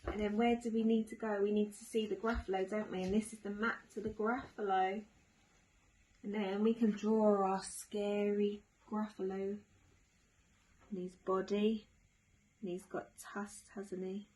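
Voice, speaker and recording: Slow sing-song nursery teacher woman. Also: medium pitch, little pitch movement, rough recording. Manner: sing-song, slow and gentle with tag questions. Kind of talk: storytelling lesson for young children.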